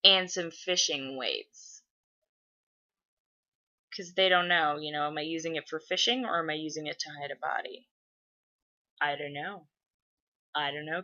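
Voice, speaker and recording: A woman's voice: low voice, highs cut off. A young woman vlogging, telling a childhood story and answering viewer questions, swearing freely and acting out the voices of the people in it. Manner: animated, profane, acts out voices in her stories. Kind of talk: casual storytelling to camera.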